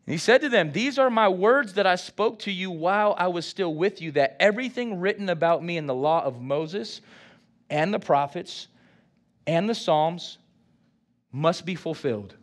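With a voice that sits high and moves at normal speed, a male pastor reads scripture during his sermon. He keeps things lively, engaging the congregation through call-and-response.

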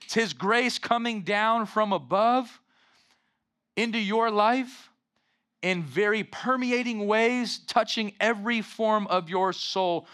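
A young adult man preaching a sermon as pastor, animated and calling out for amens from the congregation. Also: high-pitched, slow. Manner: animated preaching with call-and-response "amen".

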